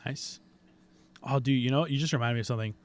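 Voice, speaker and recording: A man co-hosting a casual gaming podcast, joking and laughing often in quick banter. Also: medium pitch. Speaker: podcast co-host.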